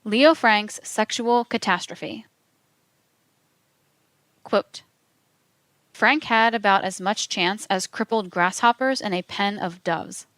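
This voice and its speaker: A woman narrating a true-crime account in a measured, even reading, voicing quote marks aloud. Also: medium pitch, no echo.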